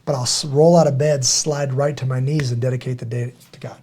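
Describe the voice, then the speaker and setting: Here a middle-aged podcast host, mid-range in voice and fairly quick, spins stories in earnest, casual talk. He brings the quotes to life by acting them out with animation.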